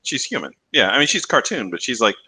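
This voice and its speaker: A man's voice: medium pitch, big pitch swings, fast, sharp tone, breathy edge, low-quality recording. A man co-hosting a podcast in casual chat, talking loosely with many "like"s. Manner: chatty, many "like"s. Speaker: podcast co-host.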